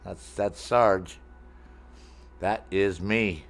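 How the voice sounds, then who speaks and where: Deep-voiced middle-aged guy streaming a game, rambling to chat, swears a lot, jokes around. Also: steady tone, extremely slow. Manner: rambling, profane, jokey, talks to chat. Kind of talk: casual gaming stream chat.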